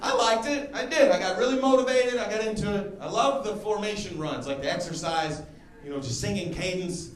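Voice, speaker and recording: A man in his thirties doing a stand-up comedy set, telling stories and acting out other people with loud exclamations. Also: high voice, a little fast. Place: comedy club stage before a laughing crowd. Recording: roomy club sound with audience noise.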